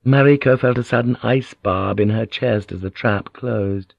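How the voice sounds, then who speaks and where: A man narrating an audiobook in a measured, even reading. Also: lowish voice, creaky, dry recording, lo-fi sound. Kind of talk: scripted narration.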